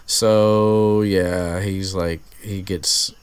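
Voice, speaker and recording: A man with a very low voice casually recapping a book. He talks slowly and rambles, full of ums and restarts. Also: level tone, clean tone. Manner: rambling, many fillers and restarts. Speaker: podcast host recapping a book. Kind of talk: casual chat.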